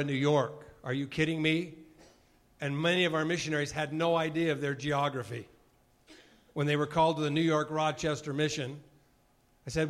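Man, earnest sermon, bearing testimony, slightly high voice, emotional at times. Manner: earnest testifying, acts out dialogues. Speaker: former mission president giving a devotional talk.

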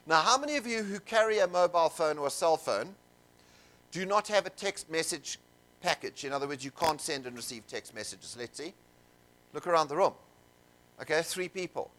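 A man telling stories to a seminar audience, animated and jokey, with asides to the crowd in a conference room. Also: fairly high pitch, normal speed. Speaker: seminar speaker. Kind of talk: keynote storytelling to an audience.

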